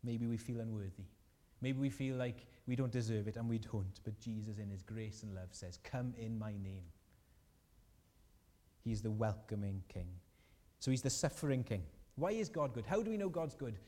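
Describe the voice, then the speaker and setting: A man preaches a sermon with a warm, mellow tone. He speaks earnestly and lifts his voice on key lines. The church hall rings with long reverb around him. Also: fairly low pitch, normal speed, few pauses. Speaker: pastor.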